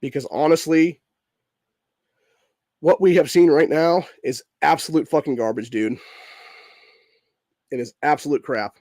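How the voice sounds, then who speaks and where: A man's voice: fairly high pitch, a little slow, long pauses, a little mellow, no echo, clean studio sound. A sick-sounding man hosting a political podcast, ranting angrily and swearing constantly, with "dude" at the end of nearly every line. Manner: profane, heated, says dude constantly. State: sick, voice messed up. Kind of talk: angry political rant.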